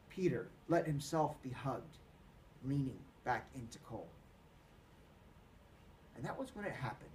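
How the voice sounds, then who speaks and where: Expressive male teacher reading aloud. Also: fairly high pitch, recorded from a distance, a little hiss or hum. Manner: expressive, dramatic. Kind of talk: read-aloud of a novel.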